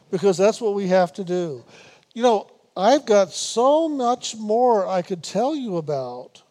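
Man, high voice, slow delivery, spiritual teacher, meditation talk, teasing, laughs now and then. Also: lively intonation. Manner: unhurried, repetitive, gently teasing with laughs.

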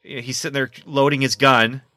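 A man co-hosting a casual movie review chat, animated and laughing often as he talks. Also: mid-range voice, normal speed, no room sound. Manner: animated, laughs often, acts out quoted lines. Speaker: podcast co-host.

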